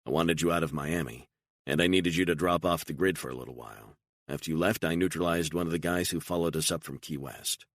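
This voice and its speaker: A calm, guarded male operative, voiced by the narrator in his own deep register for an audiobook. He answers in clipped, level phrases with a gravelly edge to the low voice. The recording is dry and close. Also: no room sound. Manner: terse, calm, measured.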